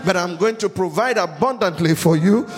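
A man preaching a sermon and telling stories, rising now and then to loud shouted peaks. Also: high-pitched, normal speed, in a large hall, soft background music. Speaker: pastor.

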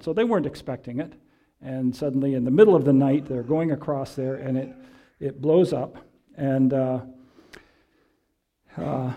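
A man preaching a conversational sermon, reading scripture and explaining it with frequent pauses and fillers. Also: medium pitch, dark tone. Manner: reads and re-reads scripture quotations.

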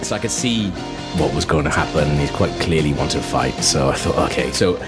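A man's voice: rumbling low, lively intonation, fairly quick, loud music behind the voice. A man telling a story in casual chat, sheepish and swearing now and then.

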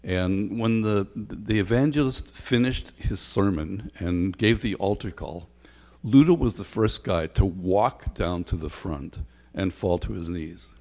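A man's voice: lowish voice, a little mellow. A man preaching a sermon as a pastor, talking conversationally with frequent ums and a repeated refrain. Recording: long hall reverb.

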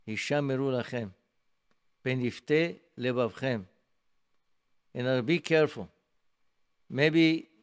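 Man teaching a Torah class. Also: medium pitch. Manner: short measured phrases, quoting Hebrew verses then translating. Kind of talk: religious class retelling a scripture story.

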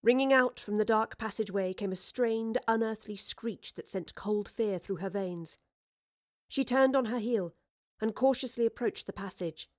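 Woman audiobook narrator, expressive, dry close studio sound. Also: a little high, moderate pace, no echo. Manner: expressive, animated character reading. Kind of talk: scripted narration.

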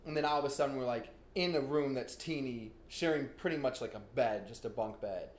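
A young man in casual conversation, telling an animated story with lots of fillers and laughter. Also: mid-range voice, a little fast, roomy sound.

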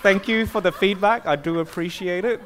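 Pastor with a slightly high voice. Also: male voice, normal speed, fairly bright tone. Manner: casual and storytelling, asks the audience questions. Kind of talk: conversational sermon.

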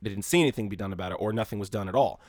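A man's voice: fairly low pitch, racing, vocal fry, no room sound, clean studio sound. A man co-hosting a podcast in casual chat, rambling and swearing freely. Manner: rambling, swears freely, acts out shouting crowds. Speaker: podcast co-host.

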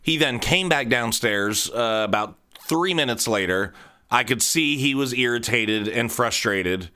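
Blunt, bright-voiced middle-aged man. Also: mid-range voice, unhurried. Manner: blunt and profane, animated storytelling. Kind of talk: casual monologue.

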